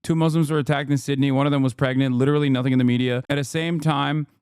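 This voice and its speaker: A man's voice: mid-range voice, steady tone, quick pace, a little mellow, smooth, no room sound, clean studio sound. A man hosting a live stream, giving heated, rambling commentary full of profanity and restarts. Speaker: streamer host.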